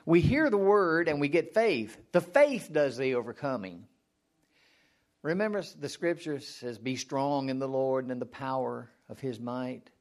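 A man giving a sermon in a conversational way, asking the listeners questions and answering them himself, and now and then acting out a mock prayer. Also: a little slow. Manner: acts out mock prayers in a high strained voice. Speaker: preacher.

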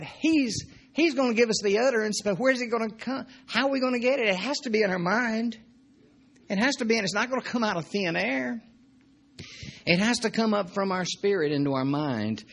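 A man's voice: high voice, expressive, brisk, a bit bright. A man preaching a sermon in a conversational, joking way, often repeating his points. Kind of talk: sermon teaching.

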